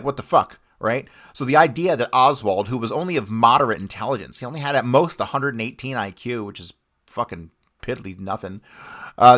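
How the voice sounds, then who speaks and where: A man's voice: on the low side, a bit bright. A man hosting a history podcast, reading passages aloud and breaking off into blunt, profane asides. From United States. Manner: blunt, swears often, rants between readings. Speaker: podcast host. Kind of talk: history commentary with read-out passages.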